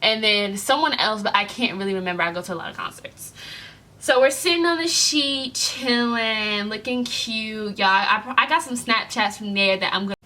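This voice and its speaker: Bright-voiced young woman telling a story. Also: medium pitch, normal speed, slight background noise. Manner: animated storytelling, acts out other people's lines. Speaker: vlogger. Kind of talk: storytime vlog.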